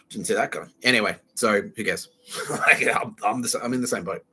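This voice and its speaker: Rambling, swearing young man with a bright voice. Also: lowish voice, brisk, breathy edge. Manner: casual, swearing, laughing, slangy. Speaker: podcast host. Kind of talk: rambling solo podcast monologue.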